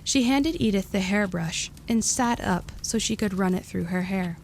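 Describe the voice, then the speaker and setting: A woman reads a storybook aloud in a calm, steady voice of middle pitch. Her narration is even and unhurried, with a faint hiss of noise underneath. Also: creaky.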